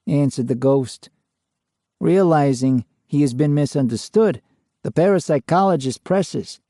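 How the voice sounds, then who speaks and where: A man narrating a scripted ghost story in a measured, unhurried way. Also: a little high, warm tone, no echo, clean studio sound.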